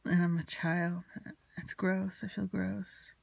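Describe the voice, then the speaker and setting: A woman recounts a painful day in a confessional, rambling way, anxious and still shaken. Her voice has a gravelly, creaky texture. The sound is dry and close, with no room around it. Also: fairly low pitch, little pitch movement, slow pace, darkish tone, no echo. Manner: anxious, rambling, retelling a quarrel with quoted dialogue. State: emotionally shaken. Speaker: vlogger. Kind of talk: confessional personal storytelling.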